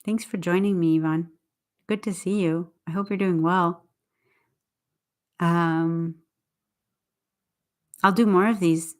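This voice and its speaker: A woman English teacher chatting casually on a livestream, talking quickly and interrupting herself as she speaks to viewers. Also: on the low side, steady tone. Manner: fast, chatty, self-interrupting, talks to viewers.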